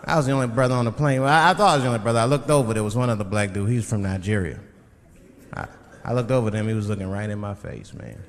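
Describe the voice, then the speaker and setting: A man performing stand-up comedy, telling stories in a wry way and swinging between loud and low delivery. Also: racing. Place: theater stage with audience. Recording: live stage mic with crowd laughter.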